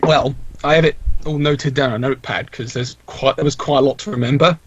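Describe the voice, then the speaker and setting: A young man talks on a podcast in a husky, slightly breathy voice, wandering through his memories with restarts and fillers. His recording sounds dull and lo-fi, very dry with no room around it. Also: medium pitch, steady tone, a little fast, no room sound. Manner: rambling, many restarts and fillers. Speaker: podcast guest, video creator. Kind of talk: casual podcast interview.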